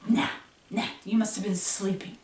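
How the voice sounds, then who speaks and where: Here is a woman putting on a dismissive Irish father from Kerry, scoffing in a wobbly brogue that raises the pitch. It sounds roomy, and the voice carries from across the room. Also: steady tone, normal speed, darkish tone, close to an everyday voice. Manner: weak put-on Irish brogue; scoffing, brushing it off. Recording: roomy, from a distance.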